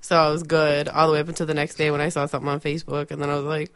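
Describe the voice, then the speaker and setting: A woman co-hosting a podcast, telling a story in casual chat, animated and laughing often. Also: low voice. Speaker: podcast co-host.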